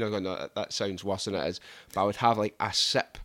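A Scottish man hosting a podcast, telling stories in a casual, animated, sweary way with frequent laughter. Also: fairly low pitch, fast, few pauses, dry recording, clean studio sound. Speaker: podcast host. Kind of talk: casual storytelling chat.

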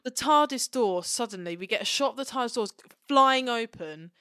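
A young woman with a smooth, clear voice co-hosts a casual podcast chat. She talks playfully and quickly, recorded dry and close. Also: a little high, lively intonation, sharp tone, no echo. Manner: playful, quick, laughs often. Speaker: podcast co-host.

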